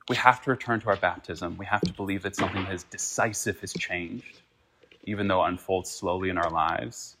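A man with a fairly low voice preaches a sermon in church. He is earnest, rising to emphatic peaks and then dropping to quiet, reflective passages. Faint noise sits under the recording. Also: moderate pace. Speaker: pastor.

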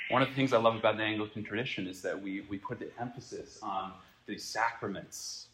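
A man preaching a sermon as pastor, earnest and reflective, swinging from emphatic peaks to quiet asides. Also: lowish voice, normal speed, slight background noise. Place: church.

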